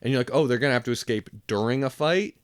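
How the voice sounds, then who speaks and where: A man's voice: mid-range voice, fast, clear, resonant tone, no room sound, clean studio sound. A man co-hosting a film podcast, talking casually with blunt, sarcastic remarks and the odd swear. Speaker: podcast co-host. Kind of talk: casual film review chat.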